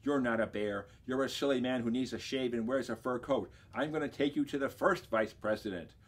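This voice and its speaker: A man's voice: medium pitch, a little fast, breathy edge, lightly acted. A man voicing a furious male vice president, brusque and accusing.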